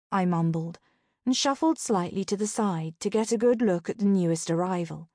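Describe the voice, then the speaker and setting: A woman's voice: fairly low pitch, moderate pace, mellow, no room sound. Woman narrating a novel, dry close voice. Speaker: audiobook narrator. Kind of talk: first-person novel narration.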